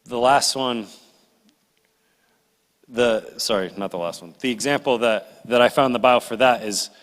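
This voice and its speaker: A middle-aged man preaching a sermon, animated and conversational, acting out complaining voices as he tells the story. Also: mid-range voice, normal speed. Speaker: pastor. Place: church sanctuary. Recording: reverberant church hall.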